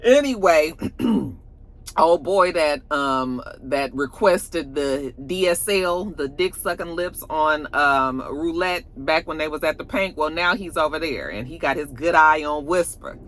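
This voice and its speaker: A woman's voice: sits low, animated, measured pace, fairly bright tone, slight background noise. A woman giving a casual, slangy recap review of a TV episode, acting out the characters' lines as she goes. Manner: chatty, slangy, acts out quoted lines.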